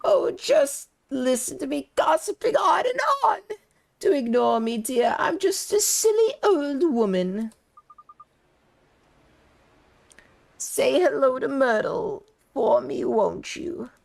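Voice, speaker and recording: A woman's voice: sits high, very animated, slow pace, gravelly, a little mellow, voice pushed up, heavily acted. A woman voicing a gossipy, kindly old female neighbor who gets sentimental and fussy. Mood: fussing. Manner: fussing, sentimental, quavering.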